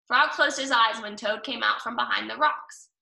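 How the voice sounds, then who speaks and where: Bright woman reading a picture book. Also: fairly high pitch, normal speed, vocal fry. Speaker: storybook reader. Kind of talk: reading a children's book aloud. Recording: roomy, mic at a distance.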